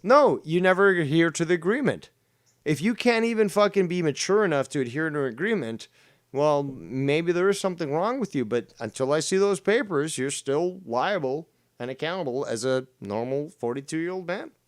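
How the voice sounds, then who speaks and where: A man's voice: a little high, lively intonation, normal speed. A man hosting a live show, arguing combatively and mockingly with a guest and talking over him. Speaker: show host. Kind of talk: heated argument on a live stream.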